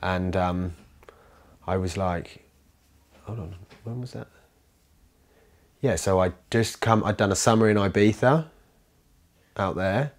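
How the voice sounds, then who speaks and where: A man in a casual interview, telling a personal story in a rambling, animated way with many fillers and restarts. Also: low-pitched, slow, pauses often. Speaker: interviewee, commune resident.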